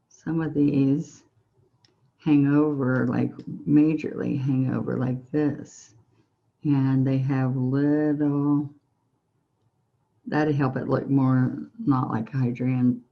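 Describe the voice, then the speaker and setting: A woman with a Southern US accent, a painting instructor giving a relaxed painting tutorial, gently and encouragingly talking through each brushstroke. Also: extremely low pitch, dull audio.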